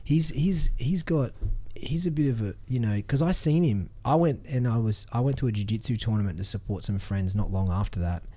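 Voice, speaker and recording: A man's voice: medium pitch, brisk, hardly any pauses, warm tone. An Australian man, a former fighter, telling stories on a podcast in a rambling, heavily swearing, restart-filled way. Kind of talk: casual podcast chat.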